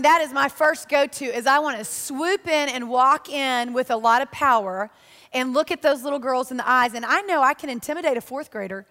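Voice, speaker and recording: High-voiced woman preaching in a big echoing hall. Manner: animated, self-mocking storytelling. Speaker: church speaker. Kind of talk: sermon. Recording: long reverb of a large hall.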